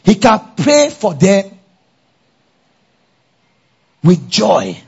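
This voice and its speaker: A man with a high, slightly husky voice preaches at a church conference, energetic and full of call-and-response. He keeps tossing questions to the congregation and filling in the answers. The recording is dull and lo-fi. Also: extremely slow. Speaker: pastor. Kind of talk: sermon.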